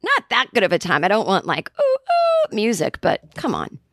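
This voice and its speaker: A woman in her forties tells a rambling story on her podcast. She is casual and animated, acts out both sides of a conversation and swears freely. The sound is close and completely dry. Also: lowish voice, brisk, dry recording. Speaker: podcast host.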